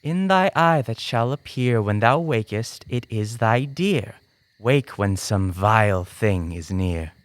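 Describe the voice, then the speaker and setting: A man's voice: on the low side, expressive, slow, dry recording. An actor playing a male fairy king chanting a spell in a college stage play. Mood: commanding.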